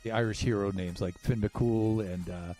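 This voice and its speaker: Guy streaming a block game, lowish voice, lots of uhs, chill and rambly. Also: moderate pace, faint music behind. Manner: relaxed, thinking aloud with many fillers. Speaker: Minecraft streamer. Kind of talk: casual building commentary.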